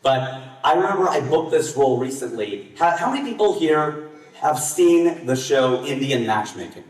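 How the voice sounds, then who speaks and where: A man in his late forties performing a live stand-up comedy set on a festival stage, with his voice jumping up in pitch and volume on the punchlines. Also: expressive, moderate pace. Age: 40s. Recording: echoey hall, voice from far off.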